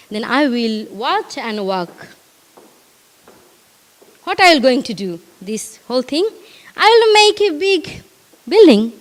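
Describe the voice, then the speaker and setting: A middle-aged woman from Bangladesh with a Bangladeshi accent, speaking as a parenting coach at a live community event. She talks emphatically, with repeated rhetorical questions. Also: high-pitched.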